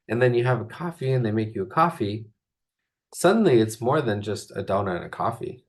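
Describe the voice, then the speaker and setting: A man's voice: lowish voice, brisk. A man hosting a casual spiritual talk, rambling loosely and filling his speech with "like". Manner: rambling, filler-heavy, full of "like". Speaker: spiritual coach and host.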